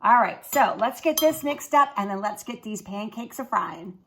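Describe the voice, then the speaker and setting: A woman's voice: mid-range voice, animated, normal speed, a bit bright, a little hiss or hum. A woman hosting a casual cooking show from her home kitchen, chatty and folksy, talking straight to her viewers.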